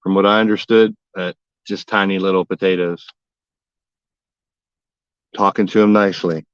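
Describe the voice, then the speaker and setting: A man's voice: low-pitched, fairly even intonation, moderate pace, clear, resonant tone, no room sound, dull audio. A man hosting a casual gardening livestream from his backyard, talking in a folksy, rambling way and cracking jokes with old sayings. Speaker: gardening vlogger and livestream host. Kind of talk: casual live-stream chat.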